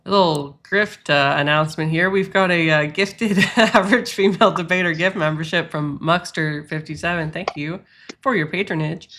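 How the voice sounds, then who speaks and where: A man's voice: on the high side, moderate pace, sharp tone. A man hosting a livestream panel, laughing often and reading out channel memberships. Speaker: stream host.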